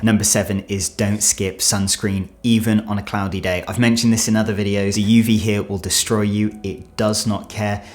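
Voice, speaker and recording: Brit guy vlogging to camera, lowish voice, chatty and earnest, clean studio mic. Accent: British English. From Britain. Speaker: travel YouTuber. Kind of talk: direct-to-camera vlog. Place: home studio.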